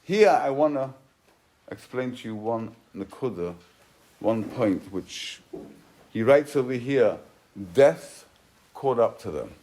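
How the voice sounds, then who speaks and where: A man's voice: medium pitch, expressive, slow, long pauses. A man giving a Torah class as a rabbi, telling a story in an emphatic way and mixing Hebrew and Yiddish terms into his English. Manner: emphatic, swings between loud and soft. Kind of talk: sermon.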